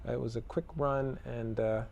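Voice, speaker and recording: A man's voice: mid-range voice, moderate pace, gravelly, highs cut off, slight background noise. Laid-back man demoing a guitar, loose and talky, full of fillers and tag questions. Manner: relaxed, chatty, many fillers and tag questions. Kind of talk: casual product demo talk. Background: electric guitar playing.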